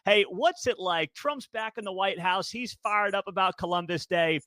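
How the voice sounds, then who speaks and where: A man's voice: high-pitched, moderate pace, sharp tone, dry recording. Upbeat male radio host, dry sound. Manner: upbeat, friendly questioning. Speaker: radio talk show host. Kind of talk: radio interview.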